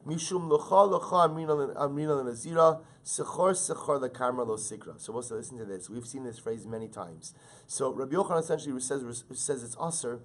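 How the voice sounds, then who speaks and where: A man, a rabbi, teaching a Talmud class, animated, repeating words and rising loudly on Hebrew and Aramaic quotes. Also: mid-range voice, fairly quick.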